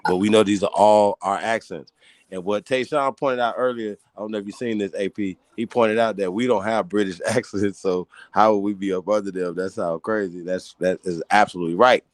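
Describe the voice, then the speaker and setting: A man's voice: brisk, no room sound. Man host, brash and profane, dry close sound. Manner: loud, profane, excitable, cracks high when riled. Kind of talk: heated casual podcast talk.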